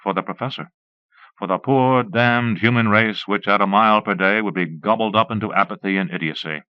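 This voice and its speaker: A man narrating an audiobook in a measured first-person storytelling manner, on a dull old cassette recording. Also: fairly low pitch, dry recording.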